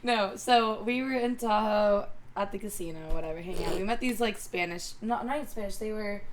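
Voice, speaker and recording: A young woman, a podcast guest, telling stories excitedly and with many fillers. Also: medium pitch, fairly quick. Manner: excitable, filler-heavy storytelling. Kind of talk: casual chat.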